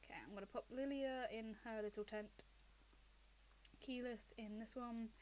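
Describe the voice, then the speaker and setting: A woman running a tabletop game as game master, recapping the story in a relaxed, chatty way. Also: on the high side, moderate pace.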